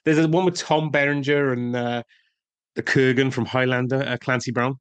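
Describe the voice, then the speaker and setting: A man's voice: mid-range voice, steady tone, moderate pace, clean tone. A man co-hosting a casual film podcast, rambling as he searches for names and details. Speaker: podcast co-host.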